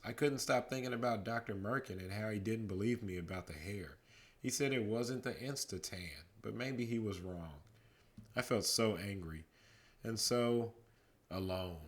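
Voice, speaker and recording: A man reads a bedtime story aloud in a calm, measured way. His voice sits a little low and stays unhurried, like a parent settling kids for the night. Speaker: dad reading a bedtime story.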